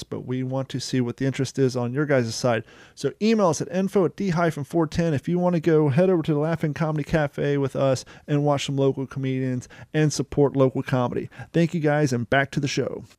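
A male podcast host talking in a chatty, rambling way and pitching offers with sales energy. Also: fairly even intonation, fast talker, a little mellow, dry recording, clean studio sound. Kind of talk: casual podcast chat and ad reads.

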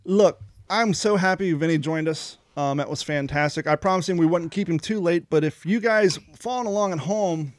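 Host: rambling, salesy man, slightly high voice, dry close mic. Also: normal speed, hardly any pauses, dry recording. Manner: chatty, rambling, sales-pitch energy. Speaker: podcast host. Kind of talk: casual podcast chat and ad reads.

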